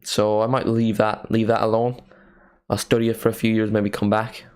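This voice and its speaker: A man hosting a live match watchalong, giving casual play-by-play commentary with jokey asides and excited calls. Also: lowish voice, normal speed, clear, resonant tone.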